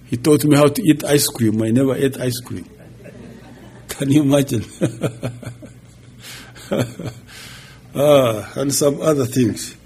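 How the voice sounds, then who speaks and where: A man in his sixties, a pastor giving a halting, chuckling personal testimony. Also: medium pitch, mellow, slight background noise. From Uganda. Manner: slow, halting storytelling with chuckles.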